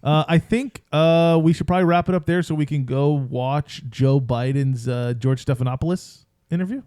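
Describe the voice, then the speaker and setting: A man's voice: a little high, normal speed, dark tone, clean tone, no room sound, studio quality. A man co-hosting a casual podcast, rambling and hedging with lots of "like" and "I think". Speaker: podcast co-host. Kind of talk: casual chat.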